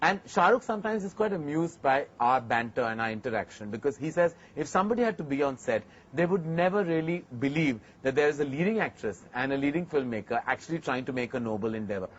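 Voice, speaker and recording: A man's voice: fairly high pitch, animated, quick pace, hardly any pauses, lo-fi sound. A man, a filmmaker hosting a TV segment, talking earnestly to camera about working with his actors. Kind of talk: reflective to-camera talk.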